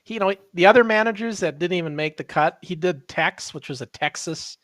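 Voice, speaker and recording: A man's voice: sits high, brisk, dry recording. A man who once wrestled, hosting a casual chat and reminiscing about old shows. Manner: reminiscing, relaxed. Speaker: host, former wrestler.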